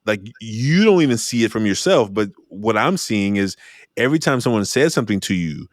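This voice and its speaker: A middle-aged man hosting an interview podcast, talking in a lively storytelling way. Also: brisk, dry recording, studio quality. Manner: animated storyteller, jumps high when acting out exchanges. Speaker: podcast host. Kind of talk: conversational interview.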